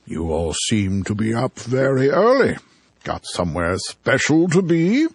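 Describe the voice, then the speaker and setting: A man voicing a bossy, threatening small-town male cop in an audiobook, slow and condescending with a husky voice. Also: medium pitch, very animated, no room sound, exaggerated voice. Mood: mock friendly. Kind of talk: audiobook character voice.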